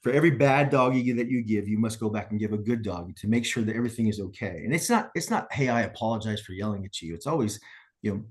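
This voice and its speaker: A man's voice: on the low side, animated, fast. A middle-aged man, a guest business coach, telling stories in a podcast interview and checking in with "right?" after his points. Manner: storytelling, frequent "right?" tag questions.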